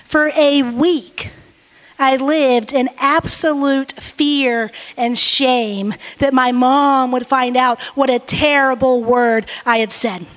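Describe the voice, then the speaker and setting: A woman pastor in her forties, praying and preaching a sermon with earnest, lively storytelling. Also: sits high. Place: church sanctuary. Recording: reverberant church hall.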